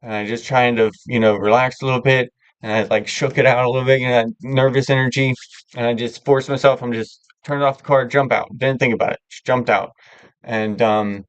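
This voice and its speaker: A man chats openly on his live stream, drifting along with lots of filler words. His voice is smooth and resonant, recorded close and dry, with a slightly dull, lo-fi sound. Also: medium pitch, no echo. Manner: candid, rambling, many filler words. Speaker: livestream host. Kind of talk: casual chat.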